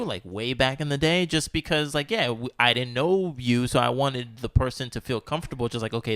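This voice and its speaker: Young man, laid-back, laughs a lot, mid-pitched voice, dry close sound, casual podcast chat. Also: a bit bright, smooth, dry recording. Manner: laid-back, laughs often, fills with "you know". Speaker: podcast co-host.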